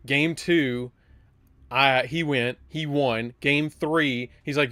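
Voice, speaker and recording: A man's voice: mid-range voice, slow pace, pushed and bright, dry recording. A man casually chatting while streaming a card game live, rambling and breaking into surprised exclamations.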